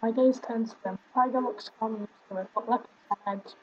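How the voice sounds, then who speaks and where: A woman's voice: on the high side, fairly even intonation, a little fast, slight background noise. A young woman streaming a game, chatting and giggling between reading the on-screen text aloud, with fond asides. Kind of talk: casual let's play commentary and reading game text aloud. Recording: slightly muffled home stream audio.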